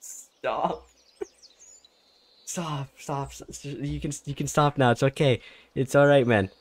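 A man's voice: medium pitch, steady tone, takes it slowly, no echo. A man streaming a farming game, chatting with viewers and muttering to himself. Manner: mumbles to himself, then shouts and laughs when surprised. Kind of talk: casual gameplay livestream chat.

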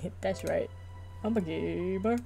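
A woman's voice: fairly low pitch, a little slow, vocal fry, over music. A young woman streaming a video game, chatting casually and playfully with lots of giggles and rambling asides. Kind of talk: casual gaming stream chat.

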